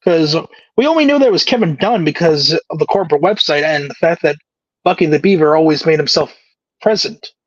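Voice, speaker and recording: A man's voice: a little high, animated, a little fast, no room sound. Matter-of-fact male co-host, dull dry audio. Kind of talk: casual wrestling chat.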